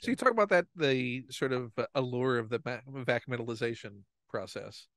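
A man's voice: medium pitch, sing-song, normal speed, a bit bright, dry recording, clean studio sound. A man hosting a casual interview chat, making short, knowledgeable remarks. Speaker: host.

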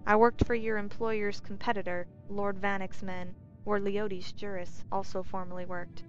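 A woman's voice: mid-range voice, level tone, normal speed, natural voice. A dry, grim man from a fantasy storybook who has lost everything and shrugs it off, as a woman narrator puts him on. He speaks with weary bitterness. The recording is dull and lo-fi, with faint music. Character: grim, world-weary male Cyrodiil trader.

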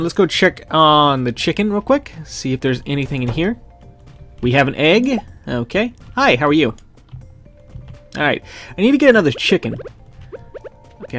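A man's voice: on the high side, a bit bright. A man casually commenting as he plays a farming game, reading the characters' lines aloud. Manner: reads in-game dialogue aloud, chatty. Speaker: gaming video host. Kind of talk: casual let's-play commentary. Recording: background game music.

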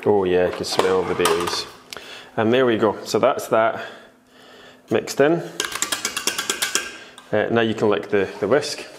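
A Scottish man with a fairly low voice talks through a baking recipe in a chatty, joking way. He is recorded in a kitchen, and steady background noise and clicking sounds are clearly heard behind him. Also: a little slow, pauses often. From Scotland. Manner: chatty and jokey, with fillers. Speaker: baking instructor. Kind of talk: casual cooking tutorial.

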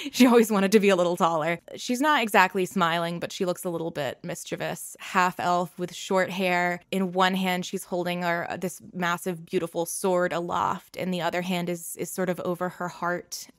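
A woman's voice: lowish voice, steady tone, moderate pace, dry recording, clean studio sound. A woman game master narrating a tabletop game in a casual, chatty way with many fillers.

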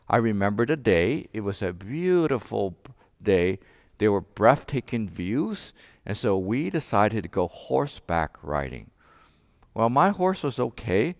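A man preaching a sermon as pastor, telling a joke and then explaining scripture with animated rhetorical questions. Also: fairly low pitch, dry recording, studio quality. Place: church sanctuary.

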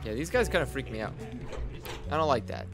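A young man playing through a game, animated and sarcastic, bantering back at the characters with lively swings in his voice. Game music plays clearly behind him. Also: medium pitch, fairly quick. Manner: playful, sarcastic, talks to the characters. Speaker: let's play host. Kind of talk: casual gameplay commentary.

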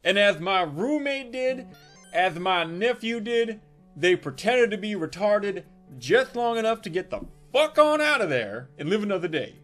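A man in his thirties telling a crude, profane comic story in a brash, animated way. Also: high-pitched, a little slow, soft background music. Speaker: comedic storyteller. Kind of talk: crude comedic storytelling monologue.

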